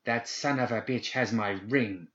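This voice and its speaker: A man's voice: mid-range voice, measured pace, a bit bright, highs cut off, lightly acted. A man voicing a fierce young female spirit summoner speaking vehemently.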